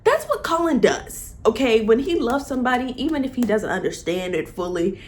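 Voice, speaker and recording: A woman's voice: on the high side, animated, brisk, a little hiss or hum. A young woman gushing and laughing as she talks about her favorite TV couples in a casual vlog. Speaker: vlogger. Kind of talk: excited fan commentary.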